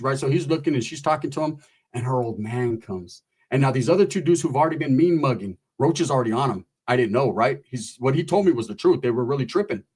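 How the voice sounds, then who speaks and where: Husky-voiced man telling a rowdy story. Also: medium pitch. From California. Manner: animated, profane, acts out characters' voices. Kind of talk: storytelling stand-up.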